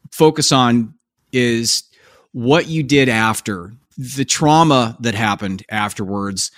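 A man's voice: medium pitch, no room sound. A male podcast host reacts to his guest and builds long, meandering questions, often restarting them midway. His voice sits in a middle range. The recording is dry and close, with no room sound.

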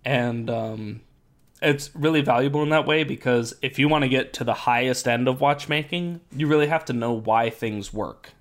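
A man hosting a casual podcast chat, explaining things in a relaxed way with many fillers while his voice is going hoarse. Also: medium pitch, moderate pace. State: losing his voice. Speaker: podcast host.

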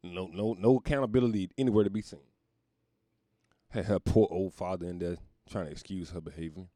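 A man's voice: deep voice, a little fast, warm tone, no echo, studio quality. A man hosting a solo podcast, ranting crudely and mockingly and laughing at his own jokes. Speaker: podcast host. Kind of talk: solo comedic rant.

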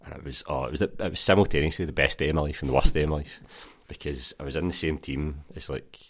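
Scottish man, thirties, extremely low voice, loose chatty guest who keeps saying "mate". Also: fairly even intonation, quick pace. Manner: rambling anecdotes full of fillers and "mate". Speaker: podcast guest. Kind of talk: casual chat.

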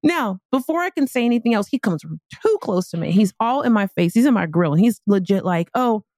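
A woman podcast host and business speaker telling a personal story in an animated, casual, slangy way. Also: medium pitch, a little fast, dry recording, clean studio sound. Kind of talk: storytelling motivational talk.

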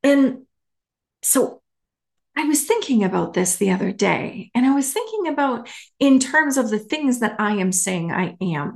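A woman hosts her own podcast in a casual solo monologue. She talks at an unhurried, drawn-out pace with a mid-range pitch, stressing her points and dropping the odd casual curse. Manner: emphatic and candid, swears casually. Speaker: podcast host.

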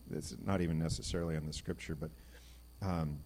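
A middle-aged man giving an informal Bible teaching, reading passages and talking them through with lively emphasis. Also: a bass voice. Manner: conversational, reads scripture aloud, animated emphasis. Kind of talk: informal sermon.

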